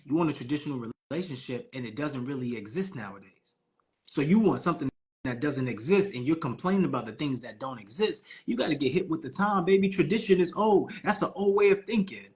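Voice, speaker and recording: A man's voice: fairly high pitch, animated, a little fast, darkish tone. A man hosting a live call with preachy, hyped motivational talk. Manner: preachy, hyped, calls the audience Queen.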